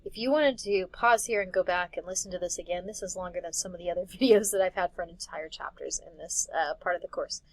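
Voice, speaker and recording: A woman's voice: fairly low pitch, fast, hardly any pauses, dry recording, rough recording. A woman teacher giving a casual recorded lecture, patiently explaining step by step with small laughs. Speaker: Greek teacher.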